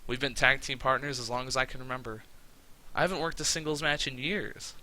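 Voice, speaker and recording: A man's voice: medium pitch, steady tone, fairly quick, bright, forceful tone, poor audio. A man doing a downcast abandoned wrestler. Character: downcast male wrestler abandoned by his brother.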